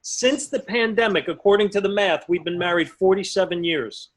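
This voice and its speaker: Man, forties, stand-up comedian, fairly high voice, self-mocking storytelling, video call. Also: moderate pace, rough recording.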